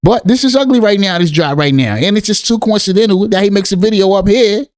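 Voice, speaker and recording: A man's voice: high-pitched, fast, a little mellow, dry recording, clean studio sound. A middle-aged man giving rambling, slangy commentary to his channel's viewers, full of "real talk" and "you know what I'm saying.". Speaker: crypto YouTuber. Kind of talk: casual commentary to camera.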